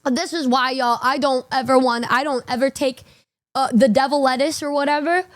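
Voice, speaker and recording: Young woman streamer, high bright voice, animated, profane storytelling for a casual stream. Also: normal speed. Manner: animated, swearing, laughing through the story.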